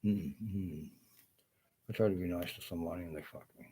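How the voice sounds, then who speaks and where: Profane, rambling man with a deep voice. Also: normal speed, dark tone, slight background noise. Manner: talks in loose restarts and asides. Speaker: carpenter. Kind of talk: casual rant to camera.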